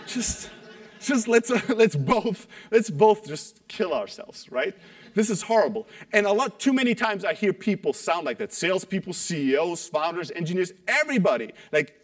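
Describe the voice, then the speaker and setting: A man giving an energetic talk on sales calls to an audience, acting out quoted voices and tagging points with "right?". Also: sits high. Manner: animated, acts out quoted voices, rhetorical "right?". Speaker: sales coach speaker.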